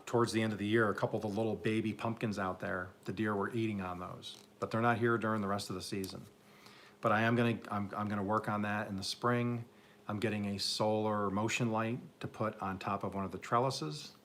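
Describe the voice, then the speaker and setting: A man's voice: fairly low pitch, fairly bright tone. A man with an upstate New York accent, chatting casually and joking with viewers during a live garden stream. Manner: rambling, self-mocking, joking with chat viewers. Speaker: garden channel host. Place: home garden, Oklahoma.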